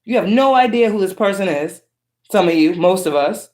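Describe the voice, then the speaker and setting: A woman's voice: mid-range voice, moderate pace. Woman tarot reader, preachy and profane, roomy echo. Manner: profane, preachy, shifts between calm and harsh. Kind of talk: spiritual reading monologue.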